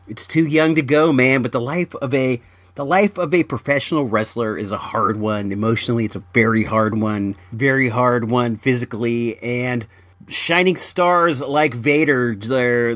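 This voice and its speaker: A man hosts a podcast in a mid-pitched, everyday voice, chatting loosely and stumbling over his words, often saying them twice before he goes on. The sound is close and dry, with no room echo. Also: a bit bright. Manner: halting, repeats words, rambling. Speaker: podcast host. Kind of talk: casual chat.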